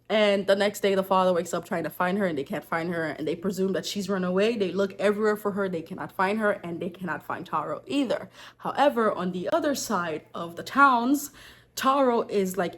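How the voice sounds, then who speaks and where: Chatty, slangy woman storyteller. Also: medium pitch. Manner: chatty, joking asides, slangy. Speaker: folktale storyteller. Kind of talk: casual storytelling vlog.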